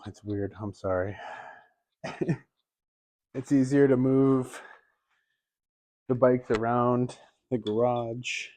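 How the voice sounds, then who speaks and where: A man in a home garage chats about his bikes, wandering off topic and laughing at himself. His voice sits at an everyday middle pitch. The sound is dry and close. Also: warm tone, no echo. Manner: rambling, laughs often, chatty asides. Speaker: bike vlogger. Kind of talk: casual garage vlog.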